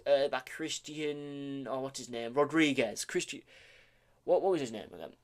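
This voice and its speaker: A man casually talking through fight predictions, rambling, correcting himself, and tripping over names with offhand swearing and humor. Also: medium pitch. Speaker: vlogger making fight predictions.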